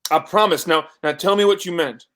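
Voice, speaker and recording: A woman's voice: lowish voice, a little fast, fairly bright tone, lightly acted. A woman voicing a cautious, awkward young man in a live play reading, speaking with careful, stammering phrasing.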